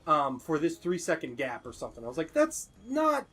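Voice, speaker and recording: A man hosting his own let's play in casual chat, expressive and profane. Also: a little high, fast talker, husky.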